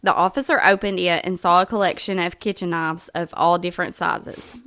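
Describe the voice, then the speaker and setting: A woman's voice: fairly low pitch, fairly even intonation, a little fast, fairly bright tone. A woman co-hosting a true crime podcast, reading her notes aloud and often breaking into laughter. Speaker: podcast co-host.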